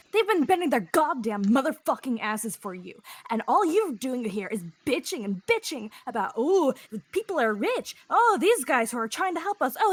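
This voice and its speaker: A woman's voice: high voice, pitched above the performer's own voice. A woman voicing an enraged male adventurer who rants and swears at length. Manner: ranting, heavy swearing.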